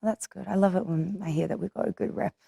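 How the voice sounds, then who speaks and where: A woman's voice: on the low side, fairly even intonation, fast, vocal fry, mellow, slightly rough, no room sound, studio quality. A woman in her thirties with an Australian accent, chatting casually with another actor and often using fillers and restarts. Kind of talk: casual conversation between actors.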